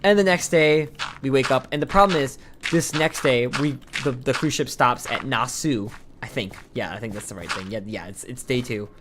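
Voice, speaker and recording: A man's voice: medium pitch, normal speed. A man streaming, telling a long rambling story while he plays, full of "like" fillers and restarts. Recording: noisy home stream mic with clicks.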